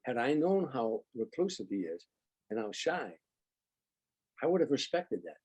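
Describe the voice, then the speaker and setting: An older man, a comedian guest, telling lively anecdotes in an interview and acting out the dialogue. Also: medium pitch, moderate pace. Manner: animated anecdotes, acts out quoted dialogue. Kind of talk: storytelling interview.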